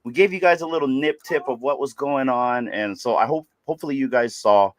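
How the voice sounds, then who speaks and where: A man co-hosting a livestreamed podcast, hoarse from losing his voice, talking in an upbeat, loose way with casual swearing. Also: medium pitch, brisk, dry recording. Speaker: podcast co-host.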